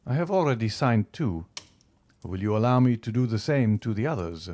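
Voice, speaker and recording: A man's voice: on the low side, lively intonation, normal speed, darkish tone. A man reading as a proud, boastful banker. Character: proud, greedy male banker, shaken. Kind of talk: audiobook character reading.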